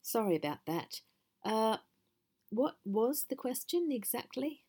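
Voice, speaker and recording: A woman voicing a brisk, sociable mother goat who over-explains and apologises. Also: fairly high pitch, very animated, dark tone, breathy edge, pitched above the performer's own voice, full character voice. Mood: chatty.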